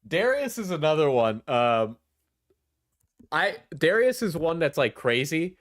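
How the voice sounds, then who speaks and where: A man's voice: a little high, very animated, unhurried, no echo, studio quality. A young man streaming clip reactions in casual chat, rambling and laughing often as he trails off mid-sentence.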